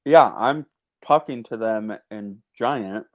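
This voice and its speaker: A man's voice: lowish voice, slow pace, dry recording. A man playing in a tabletop game, talking casually and a little hesitantly. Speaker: player.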